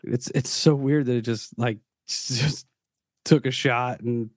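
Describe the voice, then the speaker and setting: Male host, laid-back and casual, medium pitch, dry close recording. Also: fairly even intonation, slow pace, no echo. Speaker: podcast host. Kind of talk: casual chat.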